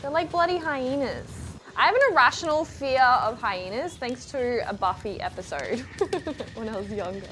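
A woman's voice: fairly high pitch, lively intonation, moderate pace, fairly bright tone. A woman gives casual, jumpy let's-play commentary and talks to herself as she plays a VR game. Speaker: VR gamer. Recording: noisy, game sounds mixed in.

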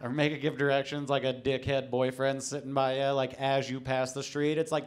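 A man's voice: medium pitch, little pitch movement, a little fast, few pauses, noisy background. A man performing a live stand-up comedy set on stage, talking in an offhand, dry way and breaking into silly voices. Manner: offhand, dry delivery broken by sudden silly put-on voices. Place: comedy stage before a live studio audience. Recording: audience laughter behind. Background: crowd laughing.

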